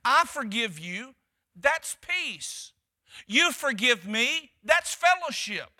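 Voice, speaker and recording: A man's voice: extremely high pitch, big pitch swings, slow pace, pushed and bright. A man preaching a sermon to his church, building emphasis through repeated phrases. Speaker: pastor.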